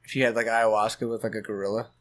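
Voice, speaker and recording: A man's voice: lowish voice, flat delivery, very fast, a bit bright. A young man co-hosting a podcast, joking with friends in a laid-back, swearing, dude-heavy way. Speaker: podcast co-host. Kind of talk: casual banter among friends.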